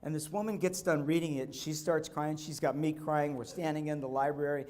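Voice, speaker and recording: A middle-aged man giving a motivational conference speech, telling stories earnestly and slowing down for emphasis. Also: on the high side, steady tone, darkish tone. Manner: storytelling, earnest, slows for emphasis. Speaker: keynote speaker. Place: conference hall.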